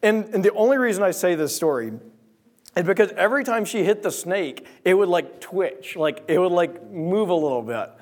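A young man tells a story from the pulpit, his voice sitting a little high. He speaks in an animated way and acts out the voices and sound effects in his story. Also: moderate pace. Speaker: preacher. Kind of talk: sermon storytelling.

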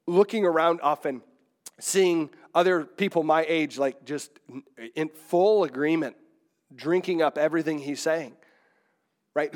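A middle-aged man, a pastor, preaching a sermon in a conversational, digressive way with many restarts. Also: a little high.

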